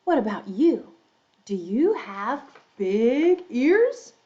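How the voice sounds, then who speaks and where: A woman's voice: a little high, very animated, dark tone, highs cut off. A woman teaching English to young children with a playful storytelling manner and exaggerated teacher talk. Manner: slow, exaggerated, playful teacher talk with animal sound effects. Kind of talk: storytelling lesson for young learners.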